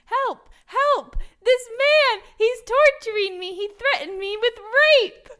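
A woman voicing a captive young woman who frantically shouts for help during a tabletop game. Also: very high-pitched, expressive, slow pace, voice pushed up, full character voice. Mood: frantic.

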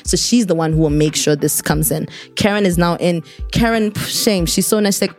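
A woman's voice: on the low side, a little fast, few pauses, faint music behind. A young woman from Botswana, telling a story as a podcast guest and acting out the voices of the people in it. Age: young adult. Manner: lively, acts out voices of people in her story. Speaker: podcast guest, fashion designer.

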